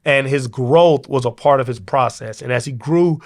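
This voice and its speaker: A man hosting his own podcast talks leadership through old Bible stories. His delivery is loose and conversational, like an informal sermon, with frequent restarts and quick "okay?" check-ins. His voice sits at a middle pitch. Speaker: podcast host.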